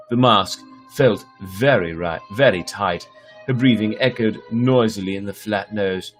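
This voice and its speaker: Male storyteller host, relaxed read-aloud, chatty with fillers between chapters. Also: on the low side, measured pace, soft background music. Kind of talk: reading a children's book aloud on a livestream.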